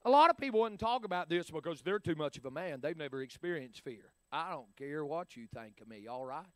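A middle-aged man preaching a storytelling sermon, folksy and animated, swinging from loud to hushed. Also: a little high, fairly quick, no echo.

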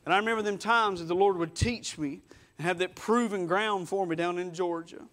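Male preacher, high voice, folksy testimony storyteller. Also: a little fast, a bit bright. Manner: folksy storytelling, acts out quotes. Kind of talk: sermon testimony.

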